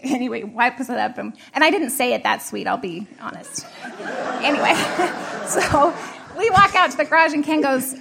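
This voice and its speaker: Speaking at a moderate pace in a high voice with vocal fry, a middle-aged woman relays a personal story in a relaxed way. She laughs a lot and brings the dialogue to life as she retells it, and there's a little hiss or hum in the background.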